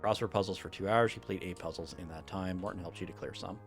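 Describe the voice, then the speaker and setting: A man streaming a game, reading its text aloud with low-key muttered asides. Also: quick pace. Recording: game music behind the voice. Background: game music.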